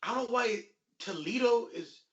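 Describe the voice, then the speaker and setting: A man with a high, bright voice co-hosts a casual sports chat, hedging and second-guessing as he works through quiz answers. His voice bounces around an echoey room. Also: animated, moderate pace, highs cut off. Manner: unsure, second-guessing, mild swearing. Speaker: podcast co-host.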